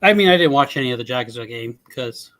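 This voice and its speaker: Man, casual sports talk, calm, reasoned, mid pitch. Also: fairly quick, rough recording.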